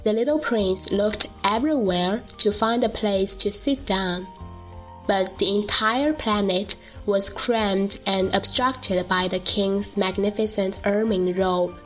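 Slow, bright-voiced woman storyteller. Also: medium pitch, soft background music, rough recording. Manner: slow, deliberate reading. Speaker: narrator. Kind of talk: storybook reading.

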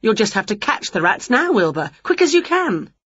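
Winnie, a woman doing a high excitable witch. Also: moderate pace, breathy edge, no room sound, heavily acted. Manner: chatty, boastful, exclamatory. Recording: dull lo-fi recording.

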